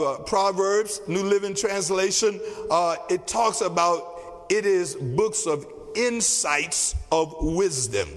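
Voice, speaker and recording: A man preaching a sermon as pastor, emphatic, repeating key phrases slowly for weight. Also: high voice, fairly bright tone. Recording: long reverb of a large hall.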